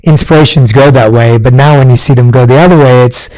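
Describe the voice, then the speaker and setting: A man's voice: medium pitch, fairly even intonation, fast, low-quality recording. A man hosting a conversational podcast interview. He talks in an easy, affirming way and keeps backing up his guest with short replies. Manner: warm, affirming, frequent short backchannels. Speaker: podcast host.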